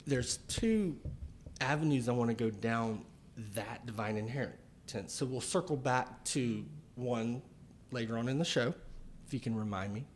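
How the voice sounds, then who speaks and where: Man explaining slowly, with pauses. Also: medium pitch, a little hiss or hum. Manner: slow, deliberate explaining with pauses and fillers. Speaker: chiropractor and author. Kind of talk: casual podcast conversation.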